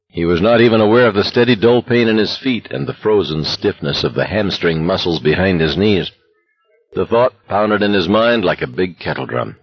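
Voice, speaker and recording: A man narrating an audiobook in a steady, intense voice. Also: deep voice, slightly rough, dry recording, lo-fi sound. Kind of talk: scripted narration.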